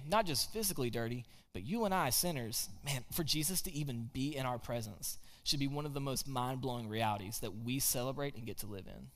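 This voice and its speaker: A man giving a casual, conversational sermon, telling a Bible story and dropping his voice low at key points. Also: a bit bright, big-room sound. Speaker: preacher.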